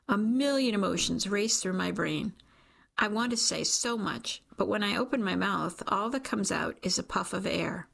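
Woman narrating with vocal fry. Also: mid-range voice, normal speed, a bit bright. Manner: intimate, emotional storytelling. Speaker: audiobook narrator. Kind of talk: first-person scripted narration.

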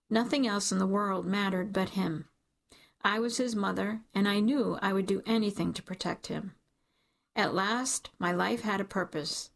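A woman narrates an audiobook in the first person, telling the story in a measured, emotional way. Her voice is middling in pitch with a gravelly edge.

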